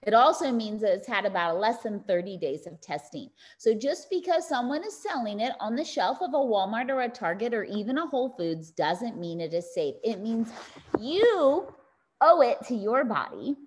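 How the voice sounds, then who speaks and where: A woman delivering a motivational health talk at a medium pitch, lively and direct. She tells her stories with animation and keeps turning to speak straight to her listeners. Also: slight background noise. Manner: animated storyteller addressing the audience directly. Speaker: wellness speaker.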